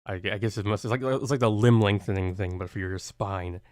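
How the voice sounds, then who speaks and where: A man's voice: fairly low pitch, brisk, darkish tone, dry recording. A man hosting a reaction video, talking casually in a rambling, hesitant way with many restarts.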